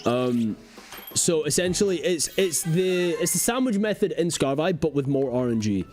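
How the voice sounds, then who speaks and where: A man's voice: on the high side, animated, moderate pace, a little mellow, soft background music. A young adult man giving live gameplay commentary, rambling and joking as he talks to his chat. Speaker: game streamer.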